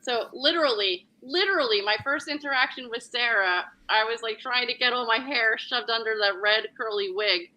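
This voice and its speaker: A woman's voice: on the high side, normal speed, few pauses, pushed and bright, low-quality recording. A woman guest chatting casually, telling an anecdote with fillers. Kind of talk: casual chat.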